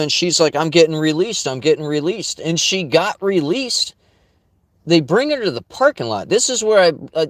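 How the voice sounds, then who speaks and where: A man's voice: on the high side, no echo. Blunt, profane man telling a story. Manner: blunt, profane, rambling with restarts. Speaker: vlogger. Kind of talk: casual storytelling.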